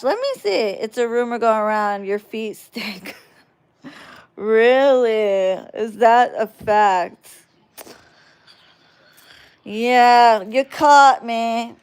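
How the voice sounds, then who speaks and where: A woman's voice: medium pitch, clear, resonant tone. A woman livestreaming casually, reading chat aloud and trash-talking viewers in a brash, drawling way.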